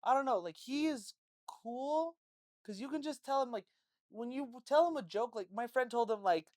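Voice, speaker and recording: A woman co-hosting a casual chat, telling a story in an animated way, swearing and laughing a lot. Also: on the high side, normal speed, dry recording, clean studio sound. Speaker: podcast co-host.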